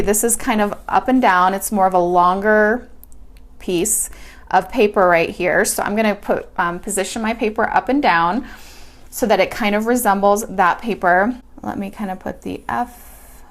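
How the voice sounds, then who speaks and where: A woman teaching a hand-lettering lesson, talking casually and chattily while she sketches and explains each step. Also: medium pitch. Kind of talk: casual hands-on tutorial.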